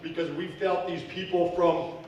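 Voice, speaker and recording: A man's voice: high-pitched, level tone, moderate pace, dull audio. A man speaking off the cuff during public comment at a city council meeting, emotional and indignant. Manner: off-the-cuff, heated, grows loud and indignant. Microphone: podium microphone. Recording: echoey council chamber from far off.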